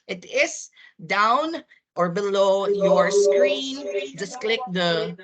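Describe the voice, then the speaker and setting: A woman running a live online staff training over a video call, upbeat and rising high when she questions her audience. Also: a bit bright. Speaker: corporate trainer.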